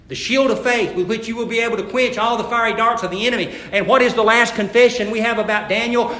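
A man preaching a sermon as pastor, swinging between hushed low lines and loud, emphatic exhortation. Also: reverberant.

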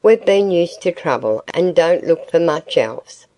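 A woman's voice: on the low side, animated, a little slow, warm tone. A woman reading the part of a worried, poor farmer's wife who is close to tears and pleads her family's case. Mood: tearful pleading.

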